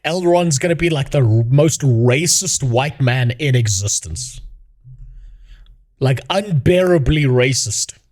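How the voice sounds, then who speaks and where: With a medium-pitched, darkish voice, a male streamer speaks slowly but animatedly. As host, he delivers a rambling, mocking casual rant, laughing often.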